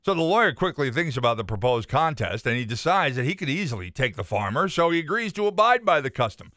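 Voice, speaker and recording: A man co-hosting a morning radio show, chatting and telling jokes in a playful, animated way, close on a studio microphone. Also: on the high side, fast, no room sound. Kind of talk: casual radio banter and joke telling.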